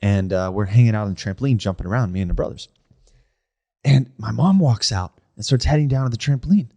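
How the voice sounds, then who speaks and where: A young man with a fairly low voice tells a personal ghost story in an easy, chatty way. He keeps checking in with his listener and slips into other people's voices when he quotes them. He comes across as a casual podcast host. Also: quick pace, creaky. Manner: animated storyteller, acts out quoted voices, frequent "like" and "right?".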